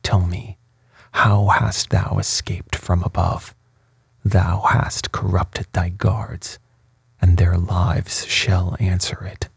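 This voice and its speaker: A man voicing a wrathful tyrant prince in a storybook reading, in a hushed, breathy, slow and even delivery. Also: low-pitched, no echo, clean studio sound, full character voice. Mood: angry.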